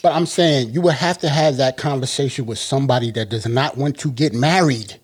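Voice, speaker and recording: A man with a husky voice co-hosting a casual group chat, blunt, profane and argumentative. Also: medium pitch, brisk.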